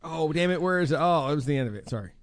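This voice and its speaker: A man's voice: on the high side, lively intonation, racing, background noise. A man hosting a radio show, chatting casually and teasing his co-host. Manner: teasing, joking. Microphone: studio mic.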